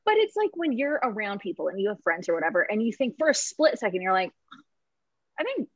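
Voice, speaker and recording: A woman's voice: medium pitch, big pitch swings, quick pace, no echo, lo-fi sound. A woman candidly telling her personal story on a podcast, emotional and laughing through tears, with many fillers. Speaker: podcast guest.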